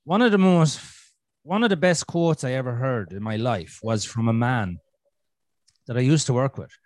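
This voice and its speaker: A man's voice: medium pitch, animated, moderate pace, darkish tone, no echo. An Irish man hosting a podcast in casual chat, rambling with frequent restarts and swearing. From Ireland. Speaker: podcast host.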